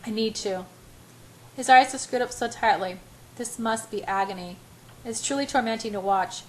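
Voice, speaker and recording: A woman's voice: on the high side, normal speed, slight background noise, poor audio. A woman reading a first-person romance novel aloud in a breathless, emotional way. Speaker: audiobook reader.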